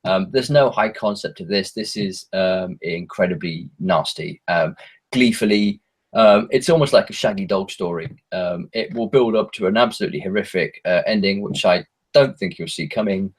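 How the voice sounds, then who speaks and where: A man's voice: low-pitched, normal speed, husky. An English man, a horror author, chatting casually as a podcast guest, hesitant with many ums and self-mocking asides. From England.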